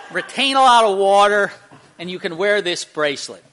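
A male pastor preaching a conversational sermon in church, halting with fillers and restarts and speaking directly to the children. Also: sits high, pushed and bright. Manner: addresses children in the congregation directly.

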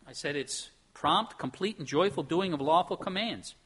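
A middle-aged man preaching a sermon in an earnest, emphatic way, moving between soft and loud. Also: a little high, lively intonation, normal speed, husky. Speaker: pastor.

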